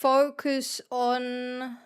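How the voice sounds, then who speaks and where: Young woman, game streamer, casual rambling commentary, swears freely, slightly high voice. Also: monotone, drawn-out words, smooth. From Netherlands. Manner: chatty, swears freely, self-deprecating, rambles to viewers. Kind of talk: casual gameplay commentary to chat.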